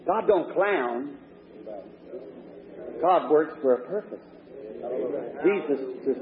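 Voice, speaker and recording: A man preaching an impassioned sermon, moving between loud exhortation and low, hushed points. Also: expressive, slow pace, long pauses, a crowd in the background. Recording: tinny, echoey old hall recording.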